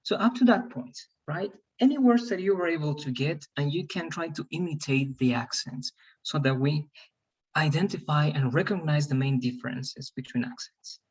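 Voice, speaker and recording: Husky man teaching an online class. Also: fairly high pitch, moderate pace. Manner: coaxing, repeats "all right" and "right". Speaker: English teacher. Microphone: video call. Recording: dull, lo-fi video call audio.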